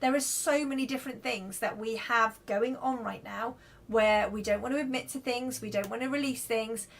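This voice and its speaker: A woman's voice: on the high side, moderate pace. A woman giving live card readings to viewers in a chatty, reassuring way, checking in often with "okay?" and "right?". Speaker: card reader.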